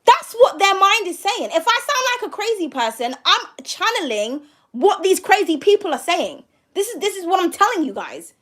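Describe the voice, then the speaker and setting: A woman's voice: very high voice, big pitch swings, normal speed, a bit bright. A woman tarot reader ranting to her viewers from home, blunt and profane, firing off mocking rhetorical questions. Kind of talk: casual rant to a live audience.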